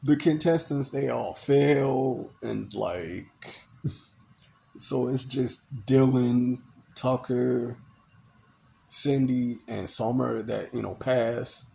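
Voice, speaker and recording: A man's voice: medium pitch, drawn-out words, gravelly, dark tone. A man recapping a movie in a casual, rambling way, full of "you know" and "like". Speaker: movie reviewer.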